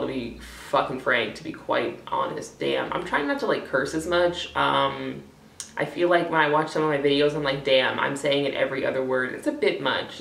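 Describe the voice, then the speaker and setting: A woman's voice: sits low, creaky, a bit bright. A young woman talking candidly to her camera in a rambling vlog, swearing freely and full of fillers. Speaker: vlogger. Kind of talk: casual talking-head vlog. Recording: echoey room, voice a bit far from the mic.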